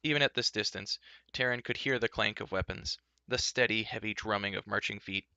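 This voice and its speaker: An audiobook reader, a man, reads a fantasy storybook aloud a little fast, giving each character a distinct voice by shifting pitch and loudness. His tone is clean, with no room sound.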